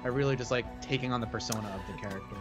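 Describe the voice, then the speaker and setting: A man's voice: medium pitch, racing, soft background music. A man appearing as a guest on a live chat stream, agreeable and earnest as he describes playing characters. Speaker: guest player.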